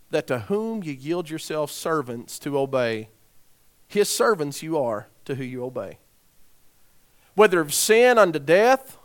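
A man preaching a sermon, dropping to quiet, grave emphasis and rising to loud shouts as he tells a story. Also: medium pitch.

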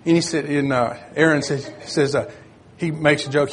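An older man giving a sermon in a plain, conversational way, reading scripture aloud and pausing to find his verses. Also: a little high, fairly even intonation. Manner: searches for verses, self-correcting. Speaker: preacher.

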